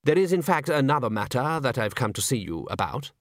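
A cool, unsmiling theatre manager, put on by a male narrator, speaking slowly and precisely with a dry edge. Each phrase is measured and deliberate, recorded close and dry. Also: mid-range voice, sing-song, dry recording, natural voice.

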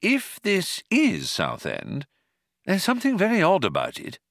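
A man's voice: high voice, huge pitch swings, unhurried, creaky, a bit bright, no echo, studio quality, pitched above the performer's own voice, heavily acted. A man voicing a bewildered, anxious young man who keeps asking exasperated questions. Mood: baffled.

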